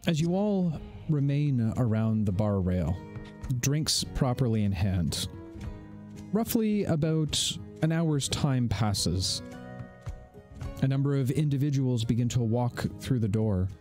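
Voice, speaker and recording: A man runs a live-streamed tabletop game as its host and game master, relaxed, chatty and quick to laugh. His voice sits at an everyday middle pitch. Faint music plays behind him.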